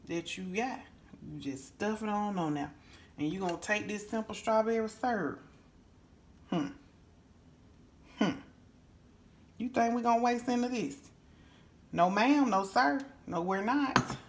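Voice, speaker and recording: A woman's voice: mid-range voice, lively intonation, unhurried, long pauses, slight background noise. A woman hosting a home cooking vlog in her kitchen, folksy and exclaiming, calling her viewers honey and baby. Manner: exclaims and hums over the food. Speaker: cooking show host.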